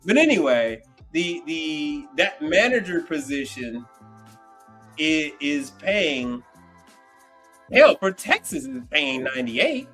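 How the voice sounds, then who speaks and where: Animated man hosting a livestream. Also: on the high side, slow, soft background music. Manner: animated, slangy, laughs often. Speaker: livestream host. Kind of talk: casual livestream chat.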